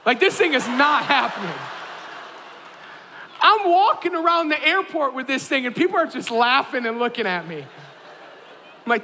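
A man in his thirties preaching a sermon, an animated and self-deprecating storyteller. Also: extremely high pitch, normal speed, long reverb tail. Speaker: pastor.

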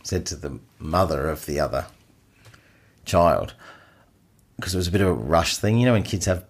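A middle-aged man, co-hosting a casual chat and telling an animated story with frequent laughs. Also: deep voice, normal speed. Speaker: podcast co-host.

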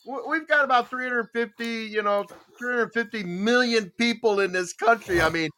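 A man in his seventies hosting a podcast panel in casual chat, talking in an excitable, emphatic way. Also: very high-pitched, moderate pace. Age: 70s. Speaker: podcast host.

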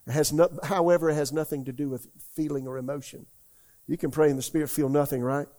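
A man's voice: fairly high pitch, steady tone, fast, dark tone. An older man preaching a folksy, rambling sermon in a church, often asking the congregation questions. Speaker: pastor. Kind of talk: conversational sermon.

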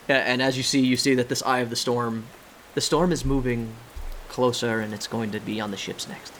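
A man's voice: mid-range voice, steady tone, moderate pace, fairly bright tone. A man running a tabletop role-playing game, describing scenes and laughing at his players, with a swearing, joking manner. His voice sits mid-range, and a faint hiss runs under the recording. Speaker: game master.

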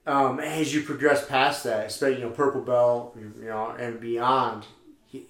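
A man's voice: medium pitch, steady tone, normal speed, fairly bright tone, roomy sound. A man co-hosting a podcast in casual chat, joking, laughing often and swearing freely. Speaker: podcast co-host.

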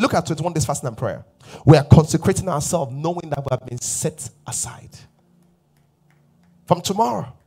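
A man's voice: a little high, darkish tone, slightly rough. A male pastor preaching a sermon emphatically, repeating refrains and sometimes dropping to a whisper.

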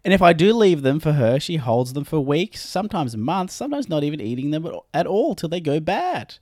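A man putting on a squeaky, whiny sweet-tooth guy. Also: sing-song, brisk, darkish tone, no room sound, studio quality.

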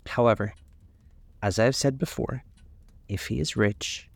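A faded actress of a mother frets with showy self-pity, as a man puts her on. The speech is fussy and theatrical, pitched a little above his natural voice. It is recorded close and dry. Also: measured pace, creaky, dry recording. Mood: fretful.

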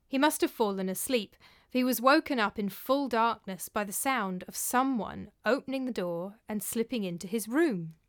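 A woman narrating a story in a measured, even-paced reading voice. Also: a little high, no echo, studio quality.

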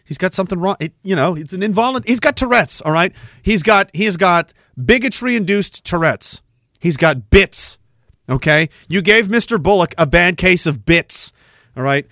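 Sarcastic, rambling man with a higher voice. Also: animated, moderate pace, bright, forceful tone, dry recording, clean studio sound. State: tired. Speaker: podcast host. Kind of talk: casual livestream chat, reading viewer comments.

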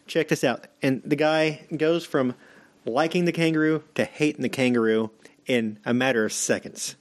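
A man's voice: mid-range voice, moderate pace. Profane, casual male podcast co-host. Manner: loose and profane, animated storytelling. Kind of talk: casual chat.

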